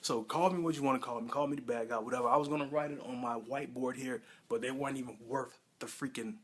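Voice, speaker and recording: A man talks through a TV episode in a loose, excitable way, often correcting himself mid-sentence. His voice is a bit husky, at an ordinary middle pitch for a man. It sounds like a casual home video review. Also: fast. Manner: excitable, rambling, frequent fillers and self-corrections. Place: home room with a pet nearby.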